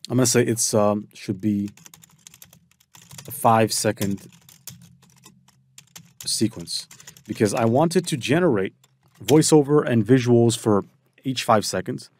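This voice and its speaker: A man hosting a software tutorial, thinking aloud as he walks through each step. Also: mid-range voice, lively intonation, moderate pace. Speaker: tutorial host. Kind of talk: screen-recorded software tutorial.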